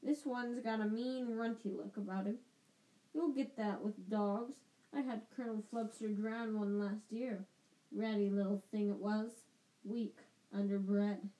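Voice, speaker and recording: A woman's voice: mid-range voice, steady tone, warm tone, natural voice, poor audio. Woman putting on a blustering, boozy older aunt. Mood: scornful. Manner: blustering, scornful, slow.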